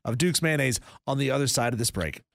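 A man's voice: medium pitch, animated, fast, creaky, a bit bright, no room sound. A man co-hosting live radio, making wry remarks and steering the segment toward a break. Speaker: radio co-host.

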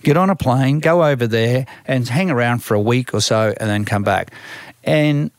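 A man's voice: mid-range voice, normal speed, no echo, studio quality. An older man with an Australian accent, a music manager telling long stories in an interview, with many restarts and repeated words. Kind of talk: storytelling interview.

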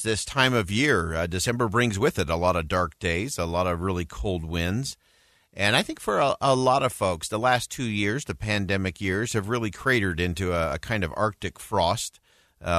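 Male talk radio host, reflective storyteller, lowish pitch, dry studio mic. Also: a bit bright, no echo. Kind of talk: talk radio closing commentary.

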